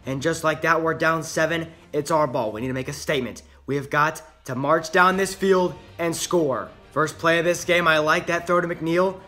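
Upbeat male gaming host, bright tone, talking through his football game play by play. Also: on the high side, normal speed, few pauses, soft background music. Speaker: gaming YouTuber. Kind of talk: casual gameplay commentary.

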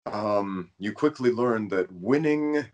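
A man's voice: lowish voice, lively intonation, takes it slowly, a little mellow. A man hosting a podcast, telling a rambling story in casual conversation and stumbling over his words now and then. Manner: rambling storyteller, self-aware about stuttering. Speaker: podcast host.

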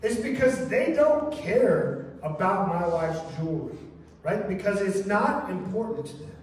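Casual pastor preaching in an echoey church. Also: male voice, high voice, animated, a little slow. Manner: casual storytelling, says "man" and "right?" often. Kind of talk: sermon. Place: church sanctuary. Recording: echoey church hall from far off.

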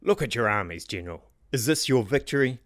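A man voicing a cruel, heavy-set male king who shouts and snarls at his men. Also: medium pitch, expressive, fairly quick, no room sound, studio quality, natural voice. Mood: furious.

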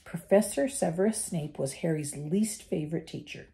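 Older lady reading a chapter book out loud, mellow lowish voice, lively reading. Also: moderate pace, vocal fry. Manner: expressive, warm-paced reading with small slips. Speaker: storyteller. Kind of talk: reading a children's novel aloud.

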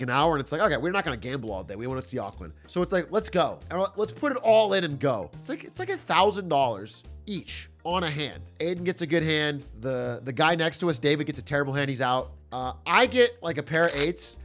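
Animated young man telling a story. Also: sits high. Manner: animated, profane, laughing often. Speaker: streamer. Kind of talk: casual storytelling to stream chat.

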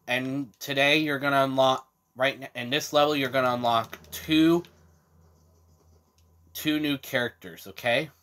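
A man's voice: mid-range voice, fairly even intonation, unhurried, pauses often, fairly bright tone. A man narrates his gameplay in a casual walkthrough, talking straight to his viewers. He is chatty and keeps checking that they are following along. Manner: chatty, addresses viewers, frequent "okay?" checks. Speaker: gaming channel host. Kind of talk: casual game walkthrough commentary.

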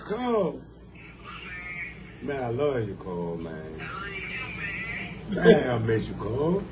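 A man's voice: medium pitch, huge pitch swings, takes it slowly, noisy background. A man ribbing a friend on a phone call in a teasing, mock-threatening way. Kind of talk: comedic phone banter.

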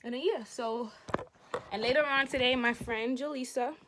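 A woman's voice: high-pitched, steady tone, moderate pace. Chatty young woman vlogging on the go. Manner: chatty, rambling, addresses viewers as y'all. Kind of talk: casual vlog chat. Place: home, then outdoors on a rainy street. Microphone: clip-on mic and phone camera. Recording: noisy phone vlog audio.

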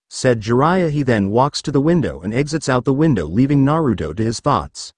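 A man narrating a fan fiction story aloud, plain and steady. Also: medium pitch, a little fast, few pauses, no echo, studio quality.

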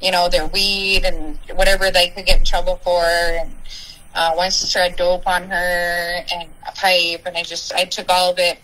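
A woman's voice: on the low side, sharp tone, rough recording. A young woman, a podcast guest, candidly and emotionally telling her personal recovery story.

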